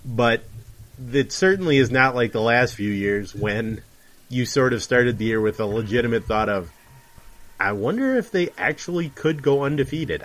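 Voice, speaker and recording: A male co-host chatting casually about sports. He rambles along with a wry, joking edge, and his pitch sits in a middling range. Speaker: podcast co-host.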